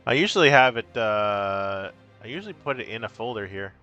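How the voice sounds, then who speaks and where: A man's voice: fairly low pitch, animated, a little fast, bright, forceful tone, dull audio, soft background music. A man streaming a card game, chatting casually with his viewers in a playful, rambling way. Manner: breaks into silly sing-song. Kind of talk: casual live-stream chat.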